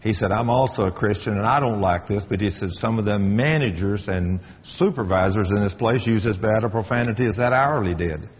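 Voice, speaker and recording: A man's voice: on the low side, fairly quick, few pauses. A middle-aged man who works as a manager gives a firm, emphatic spoken testimony, telling stories in a preacherly way. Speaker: workplace manager giving a testimony. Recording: dull audio with long hall reverb.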